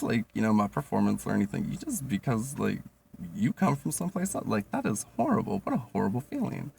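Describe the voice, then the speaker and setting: Man, 30s, low gravelly voice, profane casual storyteller. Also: fairly quick. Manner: profane, animated, lots of fillers.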